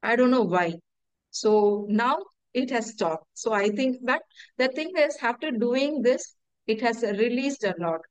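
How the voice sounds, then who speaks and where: A woman's voice: a little high, a little slow, no room sound, poor audio. A middle-aged woman, giving an earnest, hesitant personal testimonial and often repeating her words. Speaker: testimonial speaker.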